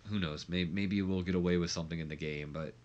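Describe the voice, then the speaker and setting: A man's voice: low-pitched, fairly even intonation, fast, darkish tone, highs cut off. A man giving casual, rambling commentary over a wrestling management game, with many fillers. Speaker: gameplay commentator.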